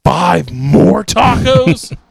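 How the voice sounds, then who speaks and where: A man voicing a put-upon male fast-food cook who grumbles in exasperation. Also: sits high, sing-song, vocal fry, slightly rough, no echo, voice pushed up, exaggerated voice. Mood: grumbling.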